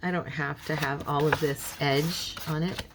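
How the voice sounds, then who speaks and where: A woman hosting a casual crafting tutorial, chatting and talking to herself as she works, with a frog in her throat that keeps her clearing it. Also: sits low, steady tone, a little slow, slight background noise. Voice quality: chatty, talks to herself while working. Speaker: craft channel host.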